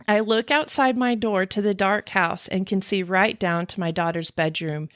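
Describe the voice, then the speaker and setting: A woman's voice: medium pitch, moderate pace, a bit bright, no echo. A woman co-hosting a paranormal podcast, telling creepy stories with real drama in her voice. She gasps, laughs and leans into every eerie moment. The sound is close and dry. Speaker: podcast co-host. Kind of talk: casual chat, reading listener stories. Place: home recording, remote from co-host.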